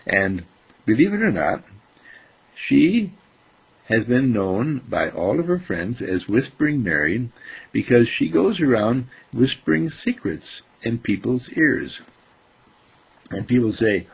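A man telling a children's story aloud in a gentle, unhurried way with lively swoops. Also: sits low, creaky, breathy edge. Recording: dull lo-fi recording.

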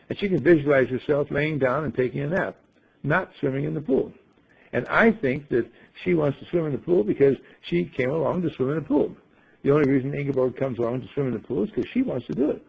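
Husky, gravelly man telling a folksy story. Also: a little high, fairly quick, phone-quality sound. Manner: folksy, rhetorical, lively, clears throat often. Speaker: group leader telling a story. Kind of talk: storytelling talk to a group.

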